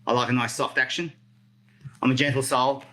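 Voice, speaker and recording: Middle-aged Australian man, bright and forward tone, casual rambling live-stream host who self-corrects a lot. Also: mid-range voice, flat delivery, brisk, rough recording. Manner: chatty, rambling, self-correcting, reads out viewer comments. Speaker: roller skate hobbyist demonstrating maintenance.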